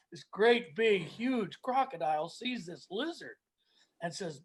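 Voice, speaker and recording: A man's voice: sits high, expressive, moderate pace, breathy edge. A man, telling a folksy joke in casual chat and laughing often. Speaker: tribute artist.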